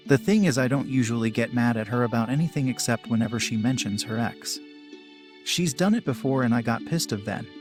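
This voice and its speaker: A man reading submitted relationship stories aloud as scripted first-person narration, with sudden rises in pitch and force. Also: darkish tone.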